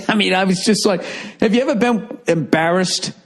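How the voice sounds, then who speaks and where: A man's voice: high-pitched, normal speed. A middle-aged man hosting a podcast, telling a comic story in a profane, exasperated rant with a Boston accent. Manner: profane, exasperated, animated ranting. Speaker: podcast host.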